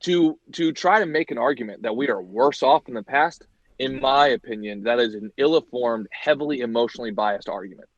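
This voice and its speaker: A man co-hosting a podcast who argues his point with animated energy, using lots of fillers. His voice is mid-pitched. The recording is dry and slightly muffled. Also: fairly quick, no echo. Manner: animated, argumentative, many fillers. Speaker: podcast host. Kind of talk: casual chat.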